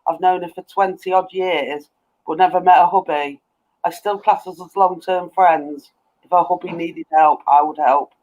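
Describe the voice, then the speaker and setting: A man's voice: sits high, steady tone, moderate pace, a little mellow, muffled recording. A man in his fifties reading out and scolding in a casual chat, indignant. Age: 50s.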